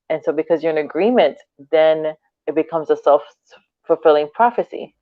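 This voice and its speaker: A woman co-hosts a casual podcast chat, laughing often and slipping into little acted-out quotes. Her voice sits low. The sound is dry and tinny, like a phone call. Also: moderate pace, dry recording. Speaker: podcast co-host.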